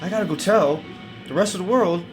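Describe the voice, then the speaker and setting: A man telling a comic horror story in a profane, animated way, crying out as he acts the pain. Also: high-pitched, brisk, faint music behind.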